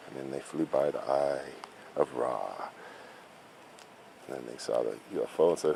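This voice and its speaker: A man, a father, narrating an animated story outdoors, sometimes dropping to hushed tones. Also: a bass voice, moderate pace, vocal fry, a little hiss or hum.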